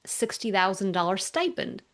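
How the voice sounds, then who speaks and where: Woman, tax accountant, recorded presentation, emphatic, energetic, rhetorical questions. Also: mid-range voice, moderate pace.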